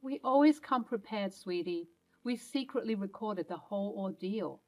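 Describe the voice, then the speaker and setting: A woman's voice: medium pitch, animated, normal speed, darkish tone, lightly acted, low-quality recording. A woman playing a kind, protective older grandmother. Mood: tender. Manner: soothing, motherly reassurance.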